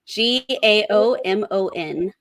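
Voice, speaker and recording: Woman co-hosting a stream, talks slow and calm, reads chat, dry sound. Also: mid-range voice, no echo. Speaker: livestream co-host. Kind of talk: casual livestream chat.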